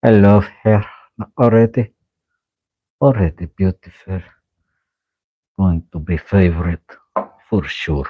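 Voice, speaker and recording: Through a face mask, a knife maker and channel host chats playfully with the camera while making a knife in his workshop, muttering self-talk as he works. His voice sits low, and he takes things slowly with long pauses. The recording is dry, and this casual workshop vlog has a dull, lo-fi sound.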